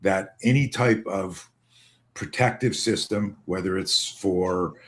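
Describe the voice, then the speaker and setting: A man's voice: deep voice, takes it slowly, a bit bright. A man with a Canadian American accent, talking casually as a co-host, emphatic and full of restarts. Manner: rambling, emphatic, many restarts. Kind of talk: casual video call conversation.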